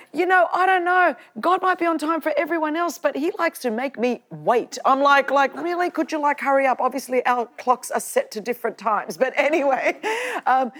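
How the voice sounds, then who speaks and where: An Australian woman in her fifties preaching a lively, joking sermon to a live audience. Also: high-pitched. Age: 50s. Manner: animated, joking, with frequent laughs.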